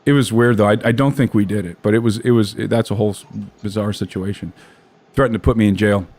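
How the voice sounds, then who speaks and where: A man's voice: fairly low pitch, steady tone, fast, a little mellow. Rambling American man telling a story. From United States. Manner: rambling, many restarts and repeated words. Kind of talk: casual conversational storytelling.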